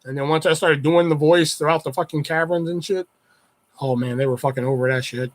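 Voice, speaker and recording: A man telling casual stories on his livestream. He rambles and swears constantly in a voice that sits somewhat high for a man. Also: steady tone, a little fast. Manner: rambling and heavily profane. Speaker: livestream host. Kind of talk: casual storytelling chat.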